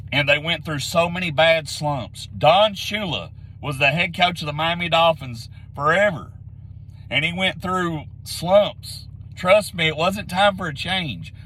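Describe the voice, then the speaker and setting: A man's voice: a little high, pushed and bright, a little hiss or hum, rough recording. Heated man ranting, a bit sick. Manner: blunt, repetitive, heated. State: getting sick, slightly hoarse. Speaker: sports commentary vlogger. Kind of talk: opinionated rant to camera.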